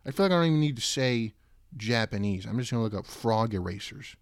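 A young man hosting a casual solo podcast who rambles, swears and breaks into loud, disbelieving outbursts. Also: medium pitch, lively intonation, fast talker, dry recording. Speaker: podcast host.

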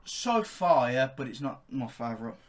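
A young man co-hosts a loose podcast, cracking jokes and swearing in nearly every sentence. His voice sits at a middling pitch, easygoing and playful. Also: big pitch swings, moderate pace. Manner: sweary and joking. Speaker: podcast co-host. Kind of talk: casual chat.

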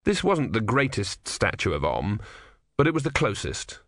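A man reads a comic fantasy audiobook with wry, expressive timing. His mid-range voice moves with a lively, animated melody. The recording is dry and close. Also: on the low side, moderate pace, creaky, no echo. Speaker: audiobook narrator. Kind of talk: scripted narration.

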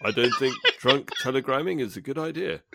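A man's voice: mid-range voice, lively intonation, a little fast, gravelly, very noisy. A young man hosting a podcast, chatting casually, teasing his co-hosts and laughing easily. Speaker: podcast host. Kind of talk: casual chat.

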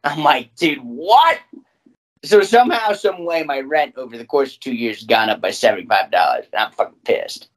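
A man's voice: mid-range voice, a little fast, hardly any pauses. A young man co-hosting a podcast, ranting with frequent swearing in casual chat. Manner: ranting, profane, animated. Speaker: podcast co-host.

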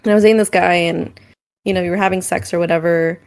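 A woman's voice: fairly low pitch, steady tone, fast talker. A young adult woman co-hosting a podcast, telling frank personal stories in casual chat, with many "like"s and "um"s. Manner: candid storytelling, frequent "like" and "um". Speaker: podcast co-host.

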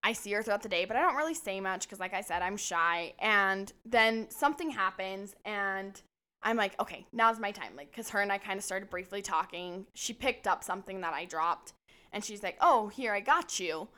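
A woman co-hosting a podcast, telling a story in a lively, emphatic way and swearing casually. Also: mid-range voice, moderate pace, clean tone. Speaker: podcast co-host.

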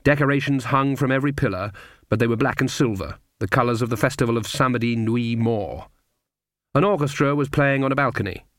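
A man's voice: medium pitch, brisk, fairly bright tone, no room sound, clean studio sound. Man narrating a comic fantasy audiobook. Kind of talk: scripted narration.

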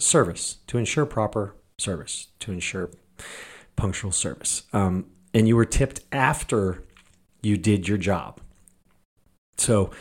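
Ranting about current events, a former Los Angeles bartender turned podcaster delivers an angry, mocking monologue full of profanity and casual talk. He speaks in a low, somewhat mellow voice.

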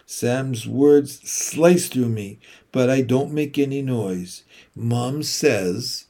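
A man reading a children's novel aloud in first person, slow, even and reflective. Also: medium pitch. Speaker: audiobook narrator. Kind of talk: scripted first-person narration.

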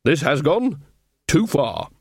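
A man's voice: a little high, very animated, takes it slowly, slightly rough, no room sound, clean studio sound, voice pushed up, heavily acted. A man voicing a blunt, bawdy old village witch woman in a storybook reading, with cheeky rustic speech.

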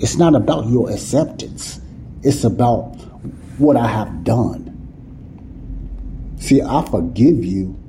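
A man's voice: medium pitch, lively intonation, takes it slowly, long pauses, mellow, a little hiss or hum, poor audio. A man teaching the Bible in an informal sermon, talking casually with folksy grammar and often asking if listeners see what he's saying. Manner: repetitive, keeps asking "you see what I'm saying?".

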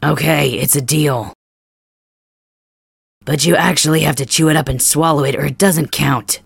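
A man voicing a gruff, teasing young male cat hybrid in an ASMR role-play, grumbling and blunt, with a gravelly, husky voice, close to the mic. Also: fairly high pitch, fairly even intonation, moderate pace, no echo, full character voice.

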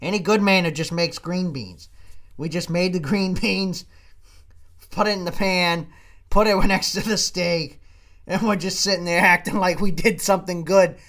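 A man hosting a podcast, ranting comedically with profanity and loud swings in volume. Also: high voice, steady tone, normal speed. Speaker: podcast host. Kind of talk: comedic rant.

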